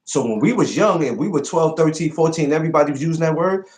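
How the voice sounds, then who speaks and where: A man's voice: on the high side, fast talker. A man hosting a podcast, chatting casually, telling stories and asking probing questions. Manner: animated storyteller, asks probing questions. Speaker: podcast host.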